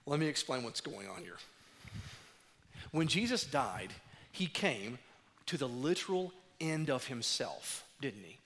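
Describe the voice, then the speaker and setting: A man preaching a sermon as pastor, animated and acting out dialogue as he tells stories. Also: a little high, normal speed, a little hiss or hum. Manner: animated, acts out dialogue in storytelling. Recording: long hall reverb.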